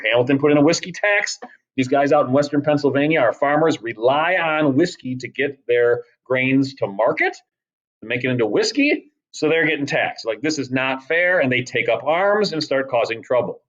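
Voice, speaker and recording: A man's voice: medium pitch, lively intonation, moderate pace, a bit bright, highs cut off. A man giving a casual history lecture as a teacher, chatty and acting out quotes in exaggerated voices. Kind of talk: recorded lecture.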